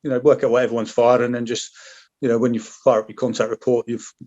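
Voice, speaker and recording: A man's voice: mid-range voice, little pitch movement, fast, a little mellow, dull audio. A British man, a former paratrooper and podcast guest, telling combat stories in casual conversation, swearing freely with many restarts and asides. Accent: British English. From Britain. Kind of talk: casual storytelling.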